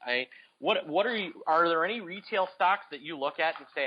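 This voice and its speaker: A man's voice: on the high side, lively intonation, a little fast, slight background noise. A man with a Chicago accent co-hosting a podcast, chatting casually about markets with many restarts and fillers. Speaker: podcast co-host. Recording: dull lo-fi podcast audio.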